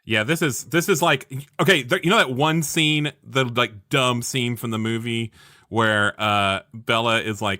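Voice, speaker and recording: Bright-voiced man, rambling player. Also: mid-range voice, normal speed, dry recording, studio quality. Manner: rambling, self-interrupting, laughing. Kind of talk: playing a character in a tabletop game.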